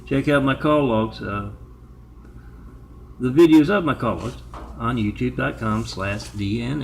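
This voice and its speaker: Gravelly guy rambling on his own channel, spelling out numbers and web addresses, faint hiss behind. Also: mid-range voice, unhurried. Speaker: video maker. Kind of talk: rambling monologue.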